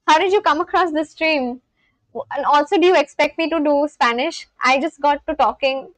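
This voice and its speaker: With plenty of laughter, an Indian woman runs a chatty livestream where she reads viewers' comments aloud and answers them. The high-pitched, somewhat bright voice keeps a moderate pace, and there's no room sound.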